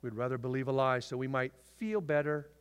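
A man preaching a sermon to his church, swinging from loud, emphatic declarations to hushed asides. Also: medium pitch, a little fast, smooth. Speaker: pastor. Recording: long hall reverb.

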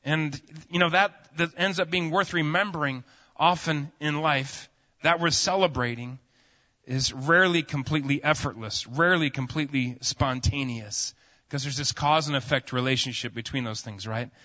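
Pastor guy in his 30s, rambly folksy sermon, bright voice, kinda muffled recording. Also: on the high side, normal speed. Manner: casual, rambling storyteller with many fillers. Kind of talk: sermon with family stories. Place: church sanctuary. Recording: muffled sound with long hall reverb.

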